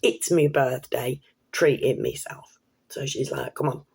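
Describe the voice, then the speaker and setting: A woman telling a personal story to camera in a chatty, excitable way, with casual swearing and slang. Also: a bass voice, a little slow, vocal fry, husky. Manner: chatty, excitable, laughs while telling stories. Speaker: vlogger.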